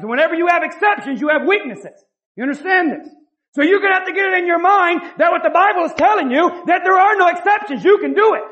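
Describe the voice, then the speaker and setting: A male preacher, not a native English speaker, delivering a fiery sermon with passionate shouting, stammered restarts and sudden quiet asides. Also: very high-pitched. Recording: dull lo-fi church recording.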